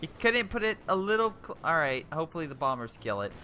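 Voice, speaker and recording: Young male commentator, excitable and chatty over game replays, bright ringing tone, faint hiss behind. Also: on the high side, fast. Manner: excitable, exclaiming, rambling with restarts.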